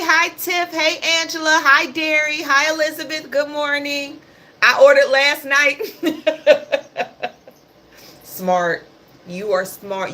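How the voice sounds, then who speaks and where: A woman's voice: high-pitched, sharp tone. A woman hosting a casual livestream, talking about the news in a passionate, sarcastic and blunt way. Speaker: livestream host.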